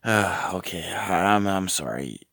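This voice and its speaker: Low-voiced guy podcasting, swearing and teasing, dry close sound. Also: moderate pace, no echo. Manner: profane, teasing, laughs often. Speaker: podcast host. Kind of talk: casual comedic banter.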